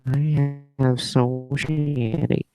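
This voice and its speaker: A man's voice: mid-range voice, little pitch movement, slow pace, mellow, soft background music. A young man rambling to himself as he edits his podcast, humming and trailing off in a self-deprecating way. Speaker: podcaster editing his show. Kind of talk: casual mumbled self-talk.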